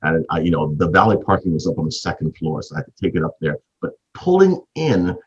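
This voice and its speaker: A man in his fifties from Canada, hosting and telling a business story as an animated storyteller with a husky voice. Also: fast talker, lo-fi sound. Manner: animated storyteller, big swings in pitch. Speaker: host.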